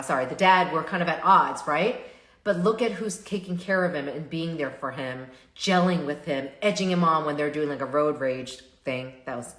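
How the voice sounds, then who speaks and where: A woman therapist hosting a live stream, talking in an animated, chatty way and often stopping to restart her sentences. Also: lowish voice. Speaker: therapist and show host. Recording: roomy echo.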